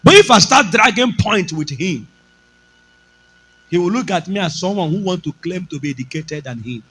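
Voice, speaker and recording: A man's voice: high voice, lively intonation, normal speed, a bit bright, breathy edge, rough recording. A male pastor with a Nigerian accent, preaching a sermon with emphatic delivery and slipping into Pidgin.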